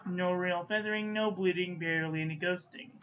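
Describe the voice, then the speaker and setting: A woman's voice: lowish voice, fairly even intonation, brisk. Chatty woman muttering over a paper test. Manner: chatty, mutters to herself, playfully scolds. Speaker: stationery reviewer. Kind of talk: casual review commentary. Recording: dull lo-fi audio with faint background noise.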